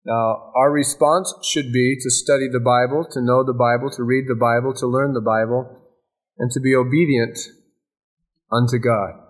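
A male pastor delivers a sermon in a mid-pitched voice. He preaches emphatically, building repeated phrases and leaning on dramatic pauses. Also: steady tone.

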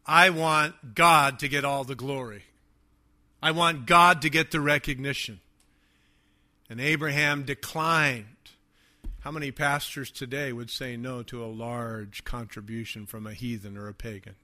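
A man preaching a sermon, emphatic and repetitive, often dropping to quiet asides. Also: medium pitch, steady tone, a little slow. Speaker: pastor.

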